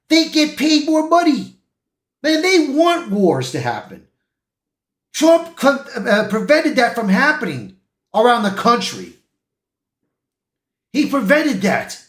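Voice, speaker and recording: A man's voice: very high voice, fairly bright tone, roomy sound. A man hosting a live-stream reaction, talking emotionally and emphatically and repeating himself. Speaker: channel host.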